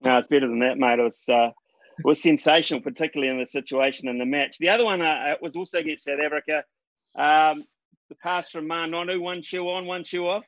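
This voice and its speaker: A man hosts a podcast, asking his questions in a measured, appreciative way. His voice sits a little high for a man. The recording sounds dull and dry. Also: fairly even intonation, a bit bright, dry recording. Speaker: podcast host. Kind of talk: interview questions.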